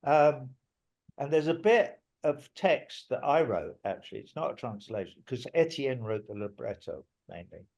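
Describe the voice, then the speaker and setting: A man's voice: mid-range voice, very animated, moderate pace, vocal fry, a little mellow. An older man, a musician guest in an interview, telling stories in a rambling, emphatic way and swearing now and then. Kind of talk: interview storytelling.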